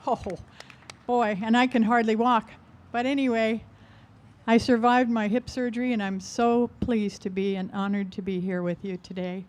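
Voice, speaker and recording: An older woman, emotional and halting, introducing and singing a patriotic song at a ceremony. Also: fairly high pitch, steady tone, darkish tone. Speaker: singer at a ceremony.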